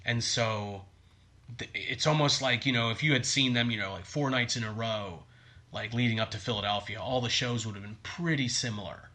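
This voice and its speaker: A man's voice: medium pitch, moderate pace, bright, forceful tone. A man co-hosting a podcast in casual chat, rambling with lots of fillers like "like" and "um". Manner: rambling, filler-heavy with many likes and ums. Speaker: podcast co-host.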